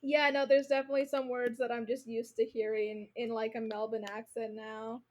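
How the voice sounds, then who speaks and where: A woman's voice: on the high side, level tone, normal speed, darkish tone. A woman co-hosting a podcast, rambling casually with lots of fillers. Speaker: podcast co-host. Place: home, recorded remotely.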